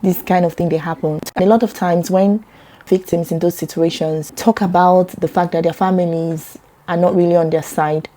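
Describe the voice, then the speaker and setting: A Nigerian woman with a fairly low, mellow voice speaks earnestly to camera in a personal vlog. She turns animated and lively whenever she acts out what other people said. Her tone stays warm and unhurried. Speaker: vlogger.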